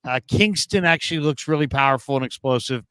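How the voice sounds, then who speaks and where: A man's voice: medium pitch, fast talker, bright, forceful tone, clean tone, dry recording. A man hosting a sports call-in show, joking and rambling in casual chat. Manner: joking, rambling, playful teasing.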